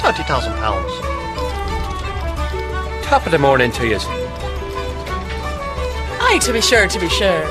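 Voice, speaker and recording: Brief: man doing a hammy stage-Irish caricature, high and lively, loud fiddle music under it. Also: unhurried, long pauses. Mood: joking. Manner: exaggerated mock Irish accent. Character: comic stage-Irish characters, men. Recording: played clip over loud music.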